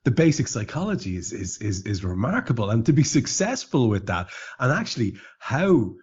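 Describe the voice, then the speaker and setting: A man's voice: medium pitch, big pitch swings, moderate pace, a little mellow, breathy edge. A man hosting a podcast in casual chat, enthusiastic and stumbling over repeated restarts. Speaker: podcast host. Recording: dull lo-fi podcast audio.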